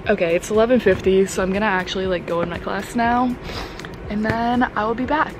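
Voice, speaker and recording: A nineteen-year-old woman chats to her phone camera while moving around a college campus and sitting in her car. She rambles casually, dropping "like" into nearly every sentence, and her voice sits at an average pitch. Music plays clearly behind her. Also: brisk. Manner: chatty, frequent "like" fillers. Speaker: college vlogger. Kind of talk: casual vlog talk to camera. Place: campus spots, car and courtyard.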